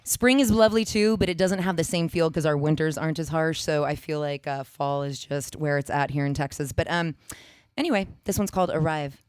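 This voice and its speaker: A woman's voice: low voice, fairly quick, smooth, no room sound. A woman chatting casually and meanderingly as she introduces a piece she is about to perform.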